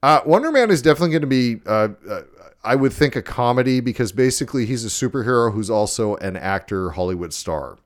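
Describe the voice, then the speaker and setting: A man's voice: medium pitch, expressive, fast talker. A man from Minnesota co-hosting a podcast, rambling through entertainment news in casual, profane chat with chuckles. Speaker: podcast co-host.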